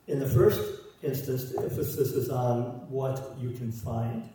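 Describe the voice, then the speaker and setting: A man's voice: medium pitch, measured pace, background noise. A man preaching a sermon, stressing his points through repeated parallel phrases. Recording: roomy echo, voice from far off.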